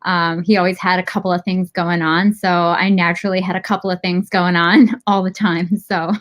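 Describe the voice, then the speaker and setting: A woman guest in a casual interview who tells her story in an animated way, acting out the dialogue she quotes and laughing as she goes. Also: lowish voice, normal speed. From Michigan, United States.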